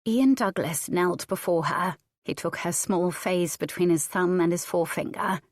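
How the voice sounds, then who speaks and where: A woman reading a historical romance audiobook in measured, even narration. Her voice sits on the low side, and the recording is dry and close. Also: no echo. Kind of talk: scripted narration.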